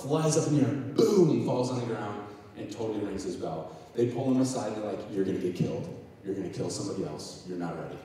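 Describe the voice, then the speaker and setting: A man's voice: fairly low pitch, expressive, quick pace, mellow. A man giving a sermon-style leadership talk to a youth ministry gathering, telling a story animatedly and acting out the voices of the people in it. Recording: echoey hall, distant mic.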